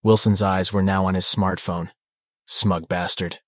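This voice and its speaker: A man reading an audiobook in a fairly low voice with a dry, wry delivery. The sound is close and dry, with no room around it. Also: flat delivery, unhurried, no echo. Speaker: audiobook narrator. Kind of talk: scripted narration.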